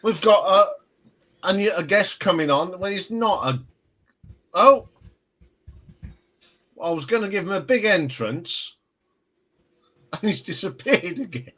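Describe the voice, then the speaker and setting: A man's voice: sits high, lively intonation, slow pace, pauses often, sharp tone, low-quality recording. A man hosting a casual live stream, chatting and telling rambling stories. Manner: rambling, chatty storyteller with restarts. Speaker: livestream host.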